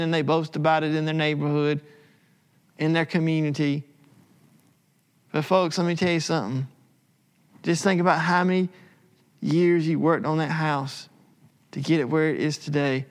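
A man preaching a sermon, emphatic and repetitive, slowing for dramatic pauses. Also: on the high side, level tone. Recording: long hall reverb.

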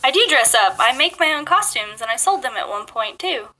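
Bright-voiced chatty woman, laughing often. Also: high-pitched, expressive, a little fast, rough recording. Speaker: guest writer and podcaster. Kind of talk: casual interview chat.

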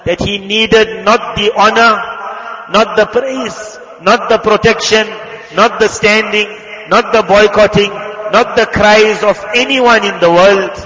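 Male preacher, high voice, fervent, long hall reverb, muffled sound. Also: steady tone, takes it slowly, bright, forceful tone. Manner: impassioned, fervent recitation of Arabic prayers. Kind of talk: sermon with storytelling.

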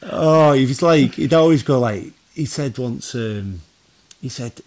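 A man's voice: medium pitch, moderate pace. Chatty man telling football stories. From northwest England. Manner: animated storyteller, many fillers and restarts. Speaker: former goalkeeper, podcast guest. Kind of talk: casual interview chat.

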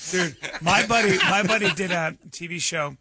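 A man's voice: high voice, moderate pace, very noisy. A man co-hosting a podcast in casual, jokey chat, telling stories. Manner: jokey, storytelling. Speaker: podcast co-host.

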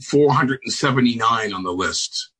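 A man on a video call from home, chatting as a talk show guest, halting and restarting often, with dry sardonic humor. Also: medium pitch, animated, a bit bright, slightly rough, poor audio. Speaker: celebrity guest. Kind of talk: casual interview chat. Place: home on Long Island.

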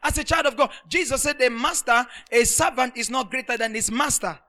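A male pastor preaching a sermon to a congregation, repeating phrases and swinging between loud, emphatic shouts and hushed, quiet asides. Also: extremely high pitch, a little fast.

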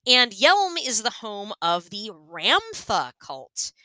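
She speaks slowly at a medium pitch, telling a story on the podcast she co-hosts in a casual, animated way, heavy on fillers and acting out the voices she quotes. She is a woman from Washington state, US.

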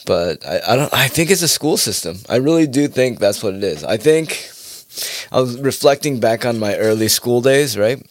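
A man's voice: mid-range voice, expressive, moderate pace, no echo. A man ranting casually in a rambling, profane monologue, often laughing at his own points.

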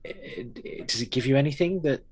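A man's voice: medium pitch, normal speed, slightly rough. A man co-hosting a podcast, chatting casually and wryly with lots of fillers. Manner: rambling, wry, with many fillers and restarts. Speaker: podcast co-host. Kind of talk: casual chat reviewing an episode.

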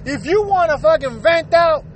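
Very high-voiced man ranting bluntly. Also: animated, normal speed, some chatter behind, a little hiss or hum. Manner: blunt, profane and preachy, with frequent "all right?" asides. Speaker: vlogger. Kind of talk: ranting advice monologue.

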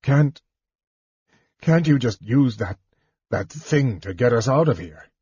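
A man voicing a weak, wounded male warrior who speaks softly and hesitantly. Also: mid-range voice, unhurried, slightly rough, no echo, distant mic. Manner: soft, hesitant. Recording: dull lo-fi dry recording.

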